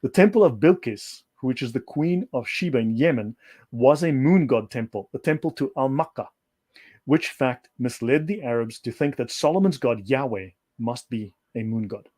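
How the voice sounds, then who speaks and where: As a guest on a livestream discussion, a man lectures in a mellow, expressive voice of ordinary middle pitch at normal speed. He presses each point emphatically and circles back to restate it.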